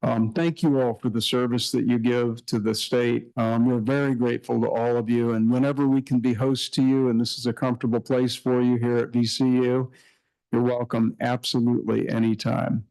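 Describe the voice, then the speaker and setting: A man's voice: mid-range voice, flat delivery, moderate pace, creaky, a little mellow, rough recording. Earnest middle-aged man giving welcome remarks. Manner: earnest, repetitive emphasis with many fillers. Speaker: university president. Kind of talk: welcome speech at a summit.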